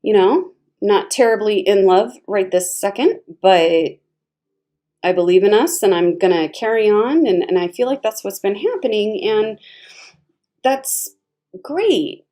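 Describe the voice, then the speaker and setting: A woman gives a casual tarot reading in a mellow, warm voice. She is chatty and expressive, laughing often and talking as if to a friend. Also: medium pitch, a little slow. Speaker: tarot reader.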